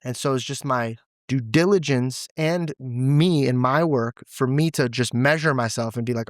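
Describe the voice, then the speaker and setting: A young man of Assyrian heritage who grew up in a church appears as a podcast guest, speaking candidly and expressively in an emotional interview. He says "dude" and "bro" a lot and comes close to tears when things turn serious. His voice is fairly high, at a moderate pace, with no room sound.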